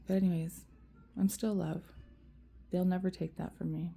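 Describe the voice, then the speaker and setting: A woman's voice: lowish voice, flat delivery, normal speed, vocal fry, dark tone, a little hiss or hum. A woman vlogger venting in a rambling, profane rant to camera, full of fillers.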